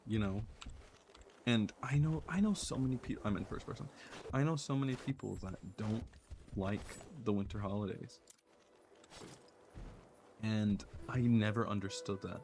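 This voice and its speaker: A young man streaming a game, talking in a soft, earnest, rambling way with many fillers and restarts. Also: fairly low pitch, normal speed, long pauses, slight background noise. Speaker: gaming streamer. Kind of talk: reflective casual chat while playing.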